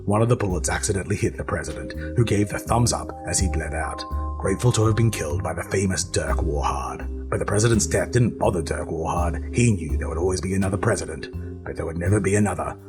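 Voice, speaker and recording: A hoarse man giving a deadpan, mock-heroic reading of a pulp detective story. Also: low-pitched, quick pace, voice pushed down, lightly acted. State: hoarse, gravelly from lost voice. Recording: pre-recorded reading over clear music. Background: music.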